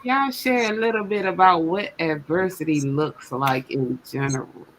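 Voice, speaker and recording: Lively, slangy woman hosting a live stream. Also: on the low side, moderate pace, a little hiss or hum, poor audio. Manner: lively, slangy, laughs often. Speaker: host of a live stream talk. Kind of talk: casual live-stream chat.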